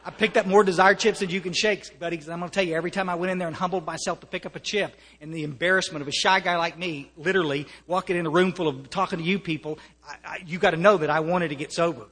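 An American man speaks earnestly to a recovery meeting, with a fairly high voice. He restarts his sentences often and slips in wry humor. His voice carries a long reverb from a meeting hall. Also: fairly even intonation, fast, few pauses, fairly bright tone. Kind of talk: personal testimony to an audience.

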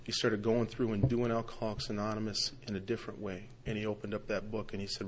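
Guy telling his recovery story at a meeting, gets loud then drops real quiet, bit of faint hiss behind. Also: little pitch movement, fast, hardly any pauses. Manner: emphatic storytelling, swings from loud outbursts to low quiet passages. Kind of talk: personal recovery talk.

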